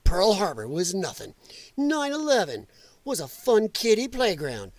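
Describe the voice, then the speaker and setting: A man's voice: high-pitched, wildly swooping pitch, a little slow, darkish tone, no room sound. A man hosting a podcast, giving sarcastic, mocking political commentary over clips and swearing freely. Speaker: podcast host reacting to clips.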